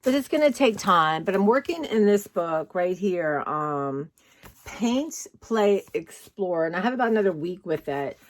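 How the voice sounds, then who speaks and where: A woman's voice: on the low side, expressive, measured pace. A woman vlogging casually from her home, chatty and rambling, often saying "y'all". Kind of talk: casual chat. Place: home, indoors.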